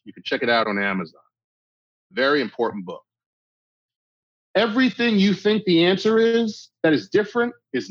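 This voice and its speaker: A middle-aged man speaks bluntly in a tough-love manner, his husky voice swinging widely in pitch. The recording is dry and somewhat dull, like lo-fi audio. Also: dry recording. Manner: blunt, emphatic tough-love delivery, acts out quoted exchanges. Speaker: guest speaker. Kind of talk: conversational interview talk.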